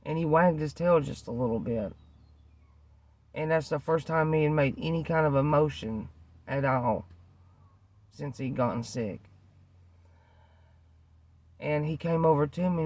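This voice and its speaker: A man's voice: a little high, a little slow, pauses often, a little mellow, no room sound. A man earnestly tells a rambling personal story to the camera, repeating himself and using many fillers. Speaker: vlogger telling a personal story.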